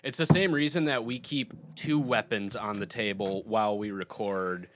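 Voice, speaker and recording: A man co-hosting a comedy podcast, quick to laugh and to jump in with jokes. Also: on the low side, slight background noise. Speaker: podcast co-host. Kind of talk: casual comedy podcast banter.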